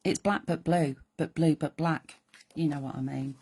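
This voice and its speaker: A woman with a croaky voice hosting a live card-making demonstration, chatting in rambling asides to her viewers. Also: sits low, fairly even intonation, moderate pace, a little mellow. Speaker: crafting host.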